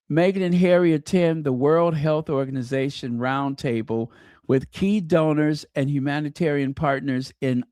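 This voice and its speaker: A man hosting a live stream, gushing excitedly to his viewers. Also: on the high side, no room sound, studio quality. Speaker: channel host.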